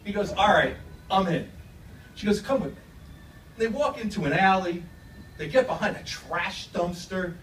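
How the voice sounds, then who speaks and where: Stand-up comic, male, high and animated, heard from a distance in an echoey club. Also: normal speed, long pauses, a little hiss or hum. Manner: animated storytelling, acts out characters' voices. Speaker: stand-up comedian. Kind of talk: stand-up joke telling. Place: comedy club stage.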